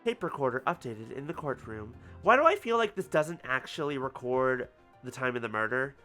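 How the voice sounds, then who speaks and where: A man giving casual gameplay commentary in an animated, profane, ranting way. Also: mid-range voice, moderate pace, soft background music. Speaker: let's play streamer.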